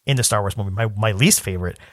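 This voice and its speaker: A man co-hosting a podcast in casual chat, rambling through stumbles and restarts, laughing often and dropping into quick put-on voices. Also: fairly low pitch, no echo, clean studio sound. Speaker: podcast co-host.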